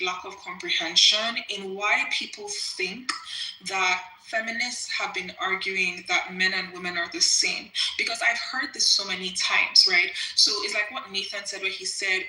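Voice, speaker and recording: A woman's voice: medium pitch, bright, forceful tone. Articulate woman debating, echoey room. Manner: articulate, measured, uses "like" and "right". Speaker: debate participant. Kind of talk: debate argument.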